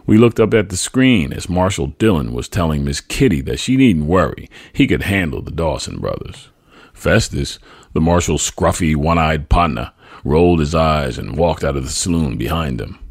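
Male memoir narrator; very low, husky, dry and close. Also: darkish tone, no echo. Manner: tender, reflective storytelling. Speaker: podcast host. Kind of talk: memoir reading.

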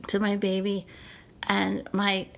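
Gravelly-voiced older woman telling stories. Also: mid-range voice, slow, rough recording. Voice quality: lively, playful, slips in and out of voices. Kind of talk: casual storytelling.

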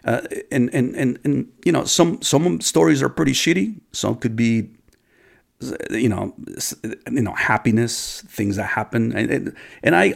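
A man's voice: fairly low pitch, gravelly, a little mellow. A man telling a personal story to his viewers in a rambling, casual way, with many restarts and occasional swearing.

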